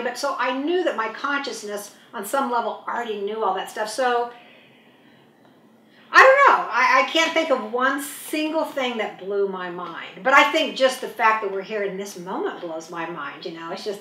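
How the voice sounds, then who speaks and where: A woman's voice: mid-range voice, sharp tone, a little hiss or hum. A woman answering an interview question in a musing, grateful, slightly hesitant way. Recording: roomy echo.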